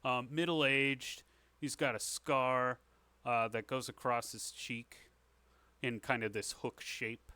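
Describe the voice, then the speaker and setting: A man's voice: medium pitch, level tone, slow, bright, forceful tone, clean tone, no echo. A man narrating as game master in a tabletop game, describing scenes casually with many fillers. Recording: online session.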